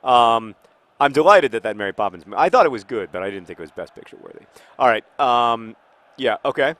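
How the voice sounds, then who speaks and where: A man's voice: medium pitch, fairly quick, dry recording. Rambling man chatting over a game. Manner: rambling, with restarts and sudden excited outbursts at the game. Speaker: host. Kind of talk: casual chat over live gameplay.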